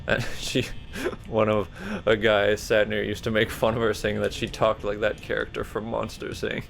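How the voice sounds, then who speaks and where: A man with a lowish, gravelly voice rambles through a let's play, cracking jokes and stories between moves. He is a little burpy as he talks and jumps into loud high yelps when something startles him. A faint hum of noise sits under the voice. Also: monotone, moderate pace. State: burpy while talking. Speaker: let's player. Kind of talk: casual gameplay commentary.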